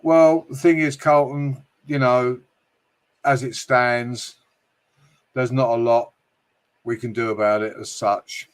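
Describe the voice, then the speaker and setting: A British man hosting a casual livestream, greeting chat viewers and joking with frequent swearing and laughter. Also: lowish voice. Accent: British English. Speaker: livestream host reading chat.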